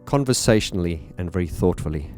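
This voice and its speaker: A man with a deep, expressive voice speaks fast as he analyses a song like a music teacher. He comes across as thoughtful and warmly enthusiastic, singing short phrases to demonstrate his points.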